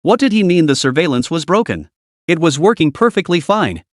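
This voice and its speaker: Guy narrating a comic story, dramatic, pitch jumps around a lot, dry close sound. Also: big pitch swings, a little fast, dry recording.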